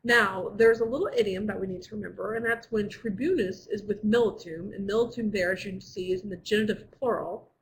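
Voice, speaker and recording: A woman's voice: mid-range voice, a little fast, few pauses, slight background noise, rough recording. Patient woman teaching an online Latin class. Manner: patient, explanatory, with frequent fillers.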